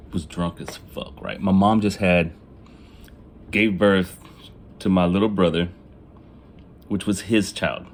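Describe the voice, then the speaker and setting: A man's voice: low voice, darkish tone, slight background noise. A man telling his own life story in a casual, profane way, laughing at his own jokes and acting out family members. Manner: acts out family members in quoted lines.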